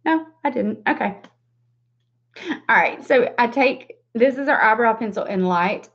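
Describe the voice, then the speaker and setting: A woman in her forties with a Southern US accent, giving a casual livestream makeup tutorial. She chats with viewers by name and laughs often. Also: medium pitch. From Southern United States. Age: 40s. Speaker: makeup vlogger. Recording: dull lo-fi livestream audio.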